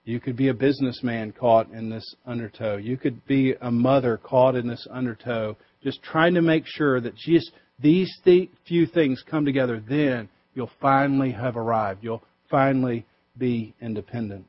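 A male pastor preaching a sermon, emphatic, pushing his voice up for stress and dropping low and quiet to drive points home. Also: normal speed, dull audio. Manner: emphatic, rises and drops for stress.

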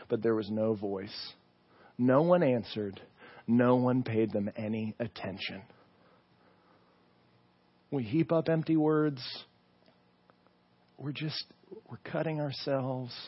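A man preaching a sermon as pastor, telling the story with animated asides and rhetorical questions. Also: mid-range voice, breathy edge, dull audio.

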